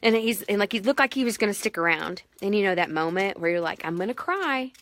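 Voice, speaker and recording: Bright, animated woman telling a story. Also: mid-range voice, fast talker, no room sound. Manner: animated, dramatic and self-mocking. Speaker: mother telling a family ski story. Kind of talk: casual storytelling to camera.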